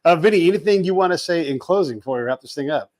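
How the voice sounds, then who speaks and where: A man's voice: on the high side, lively intonation, racing, a little mellow. Easygoing male podcast host. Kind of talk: casual interview chat.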